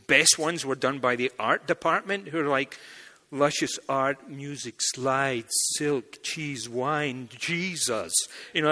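A man preaching a sermon, telling stories in an animated way and acting out the dialogue. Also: fairly high pitch. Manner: animated storytelling, acts out dialogue. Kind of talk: sermon with anecdotes. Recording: long hall reverb.

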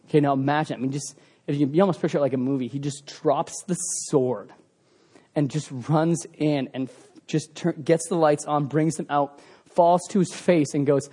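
A man with a high voice preaches a sermon, acting out the story with sound effects of his own. He swings between loud, excited bursts and hushed, quiet passages. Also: normal speed.

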